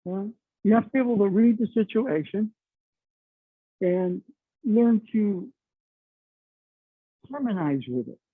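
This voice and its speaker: Chatty man teaching martial arts, gravelly. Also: sits high, expressive, slow, pauses often, no echo. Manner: chatty, explains with frequent "you know" and "okay". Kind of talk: teaching a class on the mat. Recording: dry, tinny phone-like sound.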